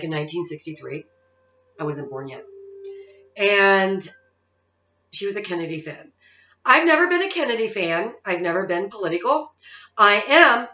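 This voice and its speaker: A woman's voice: medium pitch, bright, forceful tone. A woman in her fifties, a psychic-medium vlogger, ranting in a casual monologue and tagging her points with "okay?" and "all right?". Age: 50s. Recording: roomy, dull lo-fi sound.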